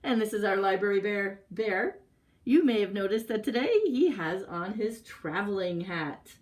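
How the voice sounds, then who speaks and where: A woman librarian reading a picture book aloud for storytime, slow and expressive. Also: medium pitch. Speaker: youth services librarian.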